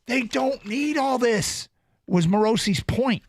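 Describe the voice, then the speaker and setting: A man co-hosting a sports radio show, arguing in lively, rhetorical bursts and firing off questions. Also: very high-pitched, slow pace, slightly rough. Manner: animated, rhetorical questions, gets worked up. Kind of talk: sports talk radio banter. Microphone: studio broadcast mic.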